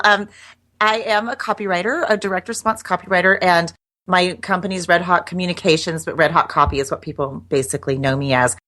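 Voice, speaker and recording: A woman's voice: medium pitch, bright, forceful tone. A middle-aged woman guest chatting in an interview, talking in a loose, self-deprecating way with frequent restarts. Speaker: guest, copywriter. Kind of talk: casual interview chat.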